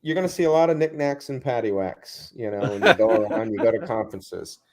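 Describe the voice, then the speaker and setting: A man, a guest in a casual interview, telling rambling, animated stories full of asides. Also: fairly low pitch, a little fast.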